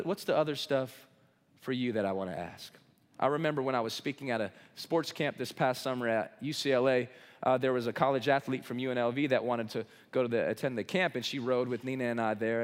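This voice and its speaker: A middle-aged male pastor delivering a sermon, building in intensity and calling for responses from the congregation. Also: medium pitch. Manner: preaching with rising intensity, call and response. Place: church sanctuary. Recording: long reverb of a large church hall.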